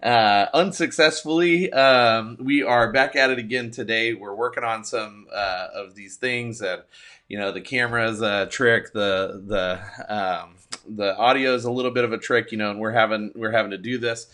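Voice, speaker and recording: A man's voice: lowish voice, fairly even intonation, normal speed, sharp tone. A man, a pastor, chatting casually on a livestream and thinking aloud in a rambling, good-humored way.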